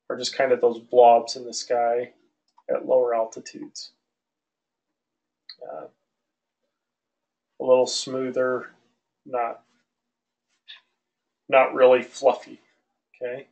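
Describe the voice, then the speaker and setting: Slow-talking male aviation instructor. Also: medium pitch, low-quality recording. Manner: relaxed, loose, many fillers and restarts. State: out of breath. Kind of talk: online class lecture.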